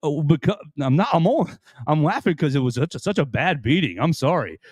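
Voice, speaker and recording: A man's voice: a little high, very animated, a little fast, husky, dry recording. Rambling man hosting a talk show. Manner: rambling, restarts often, playful. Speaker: host. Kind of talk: casual wrestling talk show chat.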